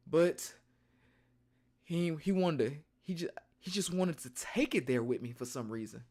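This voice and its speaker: A young man streaming, telling a rambling story in a casual, slangy and animated way. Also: fairly high pitch, unhurried.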